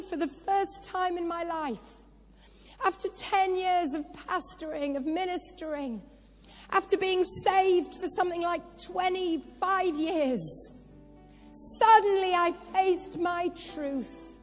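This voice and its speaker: A woman preacher with a very high voice delivers a slow, deliberate sermon that swells into impassioned, tearful declarations. Her words ring out through a large hall with a long reverb tail, while soft music plays underneath. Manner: testimony building to impassioned prophetic cries.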